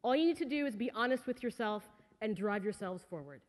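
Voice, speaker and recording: A woman giving a lively, conversational motivational talk to young people, with frequent asides to the audience. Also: on the high side, fairly quick, background noise. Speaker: speaker. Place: auditorium stage. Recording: echoey hall.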